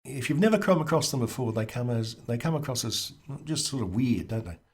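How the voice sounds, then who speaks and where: A man's voice: medium pitch, animated, fairly quick, breathy edge. A man, a podcast guest, explaining things in a casual conversational way, wry and lightly humorous, with occasional restarts.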